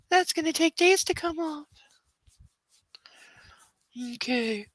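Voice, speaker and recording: A woman's voice: extremely high pitch, expressive, slow pace, pauses often, a bit bright, dry recording, rough recording. A woman hosting a book club livestream from home, chatting casually and gushing in baby talk to her dog.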